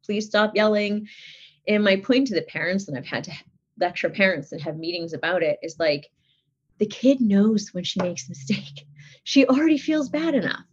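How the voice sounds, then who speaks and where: A middle-aged woman talks about her kids as a chatty podcast guest, laughing often and using many fillers. Her lowish voice is expressive with a breathy edge, moving at a moderate pace over dull lo-fi audio.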